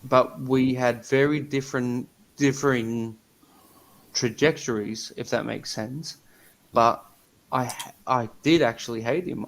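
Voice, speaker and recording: A man on a video call telling a personal story in a blunt, sweary, earnest way with halting restarts. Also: medium pitch, vocal fry, rough recording. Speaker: guest on a live stream. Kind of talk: casual chat, personal story.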